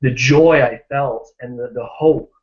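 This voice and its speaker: A man's voice: medium pitch, measured pace. A man on a group video call, casually telling a success story and acting out the people in it. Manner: animated, acts out quoted voices. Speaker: team member sharing a success story. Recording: roomy, dull lo-fi video call audio.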